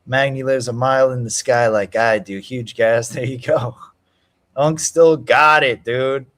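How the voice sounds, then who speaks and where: A young man hosting a casual live stream, trading slangy trash talk and cheering loudly at fight moments. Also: medium pitch, fairly even intonation, measured pace. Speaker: stream host.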